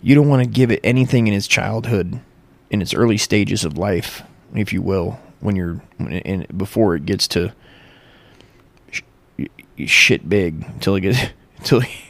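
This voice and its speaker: Man, low voice, gravelly, crude profane comic rambling, self-correcting, dry close sound. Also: a little slow, no echo.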